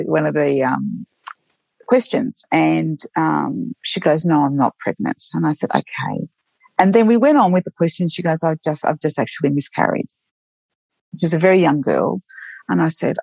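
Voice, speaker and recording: A woman's voice: low voice, creaky, a little mellow, breathy edge, no room sound. A woman who works as a nurse, telling heartfelt stories from her work in an earnest, reflective way with frequent restarts. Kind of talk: reflective storytelling interview.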